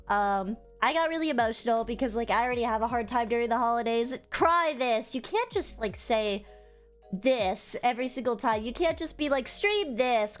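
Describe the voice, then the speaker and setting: A young woman streamer telling a story in casual, rambling livestream chat, emotional and swearing freely. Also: a little high. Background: faint music.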